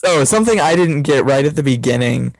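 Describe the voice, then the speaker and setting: A man's voice: on the high side, brisk, gravelly, no room sound, rough recording. Young guy on a film podcast, lightish voice, retelling what he thought, dry sound. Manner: relaxed, storytelling with quoted reactions. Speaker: podcast co-host. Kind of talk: casual film discussion.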